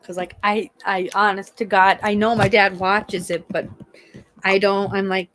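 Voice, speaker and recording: A woman with a Pennsylvania accent hosts a loose, unscripted live chat. She meanders from thought to thought, drops casual swears and keeps circling back, speaking at a mid-range pitch. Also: little pitch movement, normal speed, a bit bright, a little hiss or hum, low-quality recording. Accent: Northeastern Pennsylvania. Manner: rambling, chatty, swears casually, trails off and restarts. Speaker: livestream host chatting with viewers.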